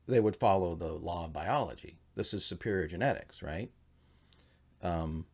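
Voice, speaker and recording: Low-voiced man teaching casually. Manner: rambling, animated storytelling with many fillers. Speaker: religious history presenter.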